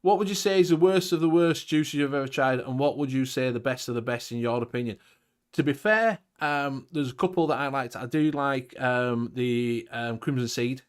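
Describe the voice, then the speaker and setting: British male host, blunt and sweary, laughs a lot, mid-pitched voice. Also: normal speed, clean tone. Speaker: show host. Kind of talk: casual group chat.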